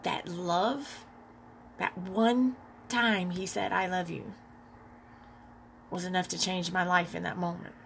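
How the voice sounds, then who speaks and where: A woman podcast host telling a personal story, candid and reflective, in an unhurried way with pauses. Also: fairly low pitch, steady tone, vocal fry, slight background noise.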